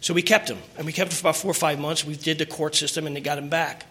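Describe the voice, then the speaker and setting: A man's voice: a little high, fairly even intonation, very fast, pushed and bright, husky. A middle-aged man telling his personal recovery story at a meeting, earnest and emotional, rambling with restarts.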